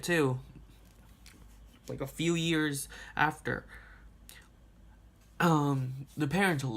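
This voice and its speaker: A young man tells a story straight to camera in an easy, rambling way. He laughs often and swears freely, with a voice pitched in the middle for a man. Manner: rambling and animated, laughing and cursing at his own story. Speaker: vlogger. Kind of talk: casual storytime vlog.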